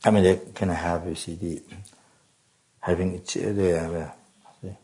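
A man teaching a dharma talk in a slow, unhurried way, his voice rough with fry. He gropes for words, restarts often and stops to cough or clear his throat, with a lowish tone. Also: little pitch movement, warm tone. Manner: halting, many fillers and restarts. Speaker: Buddhist teacher.

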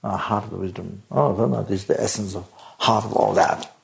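Male Buddhist teacher, low gravelly voice, halting delivery full of fillers and throat-clearing. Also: rough recording. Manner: halting, many fillers and repeated words; often clears throat and coughs. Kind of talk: Dharma teaching to students.

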